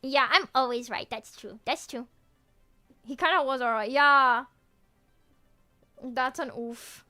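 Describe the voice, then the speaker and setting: A young woman streams to her viewers in a loose, teasing chat, breaking into laughs and restarting her sentences. Her voice sits high and sounds bright and clean. She answers her chat playfully and keeps the talk rolling. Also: slow pace, pauses often, soft background music. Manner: chatty, self-interrupting, laughs often. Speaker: VTuber streamer.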